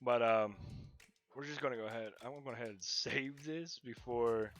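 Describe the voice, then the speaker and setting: A man's voice: medium pitch, normal speed. A man chatting casually and rambling while drawing on a livestream, laughing often. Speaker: livestreaming digital artist.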